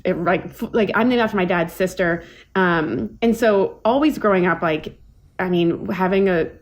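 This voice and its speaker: A woman's voice: lowish voice, moderate pace. Chatty woman telling rambling stories. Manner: rambling storyteller, many fillers and restarts. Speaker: guest chef. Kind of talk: casual podcast chat.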